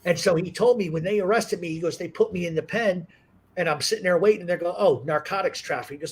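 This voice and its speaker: A man's voice: sits high, fast, a little hiss or hum. A man hosting a talk show, telling stories casually with lots of swearing. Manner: profane, animated storyteller. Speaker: podcast host. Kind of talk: casual storytelling chat.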